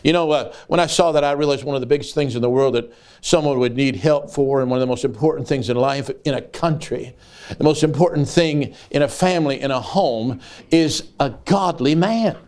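An older man preaching a sermon as an evangelist. He moves from folksy storytelling to rising, loud preaching cries. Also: mid-range voice, a little fast, smooth.

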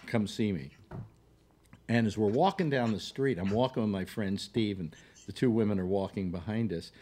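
Older male host, low-pitched, rambling and halting storyteller. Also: dark tone, slight background noise. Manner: halting, full of fillers and restarts. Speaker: radio talk show host.

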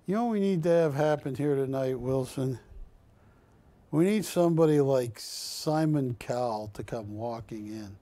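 An older man fronts a live shopping channel show, chatty and joking as he pushes deals with a salesman's pushiness. His mid-range voice has a dark tone and normal speed. The TV studio lapel-mic recording has no echo.

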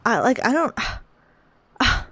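A woman giving casual commentary over her life-sim gameplay, excitable and dramatic, gasping and laughing as she reacts. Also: extremely slow. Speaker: video game let's-play host.

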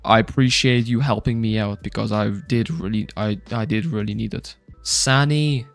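A young man streaming a video game, reacting loudly, swearing and reading his chat aloud. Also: fairly low pitch, moderate pace, vocal fry, hardly any pauses, no echo, faint music behind. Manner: excitable, swears a lot, reads chat aloud. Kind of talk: gaming livestream commentary.

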